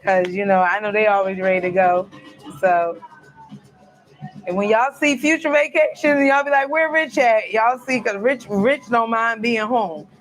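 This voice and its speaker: A woman's voice: mid-range voice, normal speed. A woman hosting a casual live stream from a cruise ship cabin, chatting loosely and talking straight to her viewers. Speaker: live-stream host reading viewer comments.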